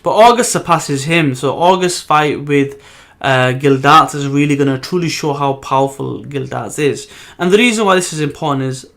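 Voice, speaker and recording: A man's voice: on the high side, moderate pace, vocal fry, a bit bright. A man hosting a casual solo comic review, rambling with many ums and restarts. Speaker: manga reviewer host.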